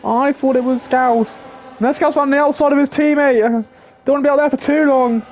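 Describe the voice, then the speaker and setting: High-voiced man calling a race. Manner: quick, excitable play-by-play with self-corrections. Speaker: race commentator. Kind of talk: excited sim racing commentary.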